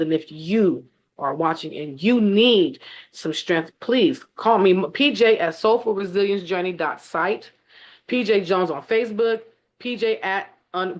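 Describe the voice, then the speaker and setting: Woman on a video call, heartfelt and teary, talks right to the audience, mid pitch. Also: lo-fi sound. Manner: tearful, heartfelt, speaks directly to the audience. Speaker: event host and speaker. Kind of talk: emotional testimony on a video call.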